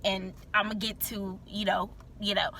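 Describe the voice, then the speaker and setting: A woman's voice: mid-range voice, level tone, normal speed, pushed and bright. A young woman vlogger telling a candid personal story in a chatty, filler-heavy way, swearing freely.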